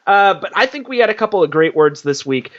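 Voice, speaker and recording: High-pitched man, comedy podcast host, loose joking, dull lo-fi sound. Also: big pitch swings, a little fast, fairly bright tone. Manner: loose, laughing, swearing.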